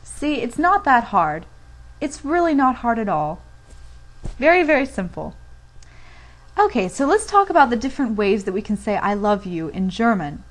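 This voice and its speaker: A woman's voice: on the high side, big pitch swings, normal speed. Chatty young American woman teaching. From United States. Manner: chatty, with many fillers. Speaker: language teacher. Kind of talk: casual video lesson.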